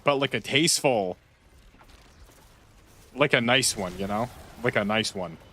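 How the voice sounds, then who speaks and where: A man chatting casually while playing a game, rambling and repeating himself, with sudden loud outbursts. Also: medium pitch, measured pace. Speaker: gaming streamer. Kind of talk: casual gameplay chat.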